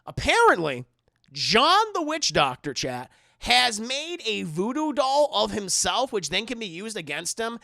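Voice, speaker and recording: A man streaming a casual, rambling film recap to his chat, animated and swearing a lot, close to the mic. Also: high-pitched, measured pace, vocal fry, no room sound.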